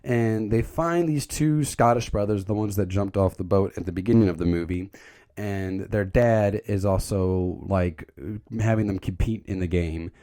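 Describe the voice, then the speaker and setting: A man's voice: fairly low pitch, moderate pace, dark tone. A young man giving a casual, joking movie recap, rambling and stumbling over his words. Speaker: video creator recapping a movie.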